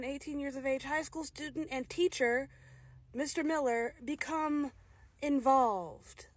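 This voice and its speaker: A woman's voice: high voice, dry recording. A woman giving a casual, candid spoken review of a film, opinionated and direct, with frequent restarts.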